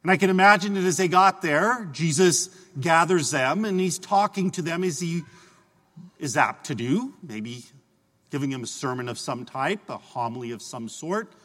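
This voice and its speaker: A man's voice: a little high, animated, normal speed, fairly bright tone. A man preaching a homily as a priest, talking in a conversational storytelling way that voices people's imagined thoughts. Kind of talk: sermon. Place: church. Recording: reverberant church hall.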